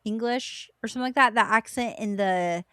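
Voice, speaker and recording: A woman co-hosting a book podcast in casual chat, talking in an animated way with quick asides. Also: fairly high pitch, clear, resonant tone, no echo, studio quality. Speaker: podcast co-host.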